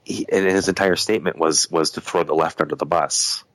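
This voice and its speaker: A man's voice: rumbling low, fairly even intonation, a little fast, fairly bright tone, no echo, low-quality recording. A man in a casual podcast conversation, talking in a heated, rambling way with lots of restarts. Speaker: podcast guest.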